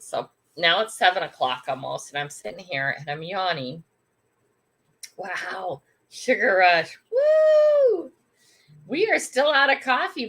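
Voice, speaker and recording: A woman's voice: mid-range voice, creaky, a bit bright, husky. Older lady doing her morning live chat at home, voice bounces up and down a lot, greets everybody by name. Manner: chatty, greets viewers by name, laughs often. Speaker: livestream host. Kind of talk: casual morning livestream chat.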